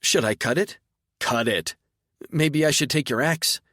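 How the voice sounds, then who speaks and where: A blunt orc warrior speaks in short, clipped phrases, as a male narrator plays him. The voice is raised a little above the narrator's low tone. It is recorded dry and close. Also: a little slow, fairly bright tone, dry recording.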